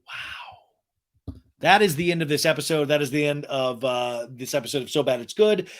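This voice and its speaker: A man hosting a podcast, giving a gossipy comic recap in animated storytelling. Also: a little high, fast. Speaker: podcast host. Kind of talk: comic recap of a reality show.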